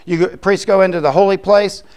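A man preaching as a pastor, explaining scripture in a conversational way with quick asides. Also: sits high, steady tone, darkish tone, smooth. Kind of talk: sermon.

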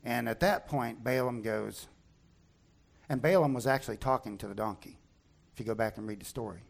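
A man preaching a sermon, retelling a Bible story in an animated way and acting out the characters' lines. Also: mid-range voice, normal speed, gravelly. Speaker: pastor.

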